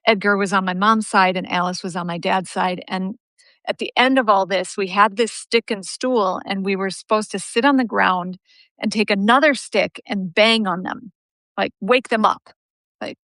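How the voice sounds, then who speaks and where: A woman telling a personal story with animated energy, laughing easily, on a live video call. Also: mid-range voice, no room sound. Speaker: guest yoga teacher.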